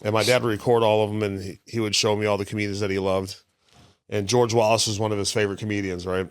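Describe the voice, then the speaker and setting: Deep-voiced man with dry close sound. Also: little pitch movement, fast, smooth, dry recording. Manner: rambling, laughs between stories. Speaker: guest comedian. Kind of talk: casual interview storytelling.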